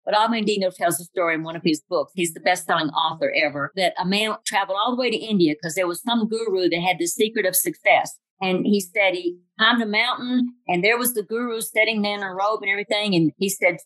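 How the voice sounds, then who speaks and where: A woman's voice: mid-range voice, a little fast, hardly any pauses, fairly bright tone, no echo, poor audio. An older woman with a Southern accent from Tennessee, giving a folksy, humorous motivational talk full of stories and acted-out quotes. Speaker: motivational speaker.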